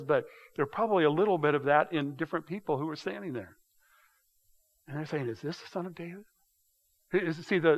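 A man teaching a casual Bible study in a conversational, halting way, often restarting and repeating words. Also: on the high side. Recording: dull sound with long hall reverb.

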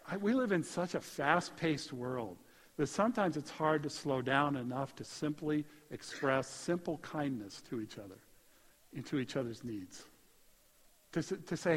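A pastor preaching a sermon in a conversational, animated way, building to emphatic peaks. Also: male voice, fairly high pitch, normal speed. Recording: hall reverb.

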